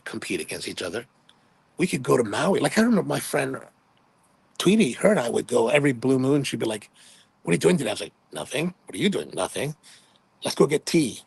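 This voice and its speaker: A man's voice: mid-range voice, creaky, husky, no echo. A man in his fifties from Hawaii, hosting a livestream and telling rambling, chatty anecdotes in which he quotes himself playfully. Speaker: livestream host. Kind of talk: casual livestream storytelling.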